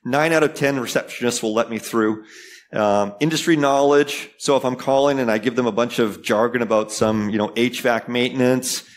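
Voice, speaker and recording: A man of middle pitch gives a conference talk. He speaks loosely and conversationally, filling pauses with "um" and checking in with "right?". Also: steady tone. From Canada. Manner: casual, conversational, frequent fillers and tag questions. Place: conference hall.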